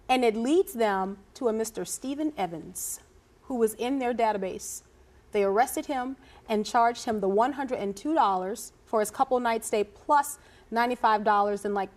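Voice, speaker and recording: A woman co-hosting a casual chat about news headlines, animated and laughing often. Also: mid-range voice. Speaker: co-host.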